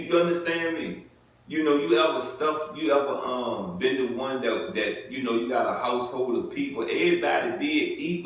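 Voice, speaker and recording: A man preaching from scripture, stopping between verses to riff casually and check in with the listeners over and over. His voice sits at a middle pitch. It sounds heavily echoey and picked up from a few steps away. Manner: conversational, repeats "you get it?" and "come on now"; informal vernacular speech. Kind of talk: scripture reading with commentary. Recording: very echoey, mic at a distance.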